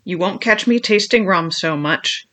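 A ragged old castaway man, half-crazed from years alone, as a storyteller puts him on. He drawls slowly in rough sailor speech, his voice bright and a touch lifted. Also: medium pitch. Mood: earnest.

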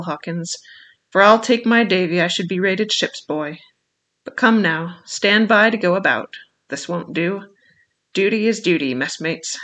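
A man's voice: high-pitched, pushed and bright. A man reading aloud and voicing a jovial, crafty old male sea cook with salty seafaring talk.

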